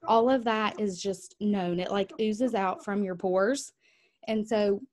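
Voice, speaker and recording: Chatty woman coaching her team. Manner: animated, chatty, acts out inner voices in a higher pitch. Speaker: team leader. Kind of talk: team call coaching talk. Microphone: video call.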